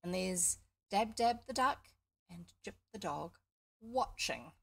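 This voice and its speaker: A woman's voice: mid-range voice, expressive, slow pace, creaky, fairly bright tone. A woman with a New Zealand accent reading a children's book aloud, stopping for chatty, explanatory asides. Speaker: storybook reader.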